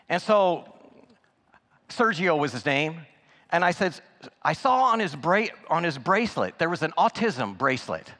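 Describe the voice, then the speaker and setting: Folksy preacher in a reverberant church. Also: male voice, a little high, fairly bright tone. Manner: folksy, anecdotal, conversational with many restarts. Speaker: guest preacher. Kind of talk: sermon storytelling. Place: church sanctuary.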